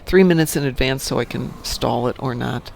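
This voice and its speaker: A man's voice: mid-range voice, moderate pace, gravelly, slight background noise. A man in his sixties casually chatting on a live stream, reading the chat aloud and telling dad jokes. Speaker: stream co-host.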